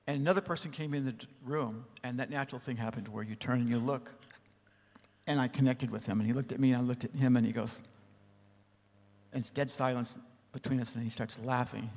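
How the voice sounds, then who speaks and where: A man who is a record producer telling a story on a panel, animated and full of lively asides. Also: medium pitch, brisk. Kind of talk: anecdotal panel talk. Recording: long reverb in a large hall.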